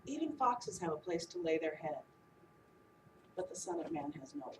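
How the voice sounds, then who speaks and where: A woman preacher giving a sermon, animated and humorous as she acts out the disciples. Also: deep voice, moderate pace, background noise. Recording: echoey room, voice from a distance.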